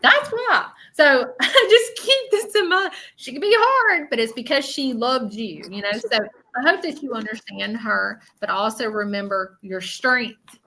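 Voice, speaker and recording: A woman's voice: fairly high pitch, lively intonation, unhurried, sharp tone, a little hiss or hum, rough recording. A woman with a Southern US accent giving a live psychic reading, reassuring and repetitive, often checking in with "okay?". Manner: reassuring, repeats herself, keeps asking okay. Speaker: spiritual medium.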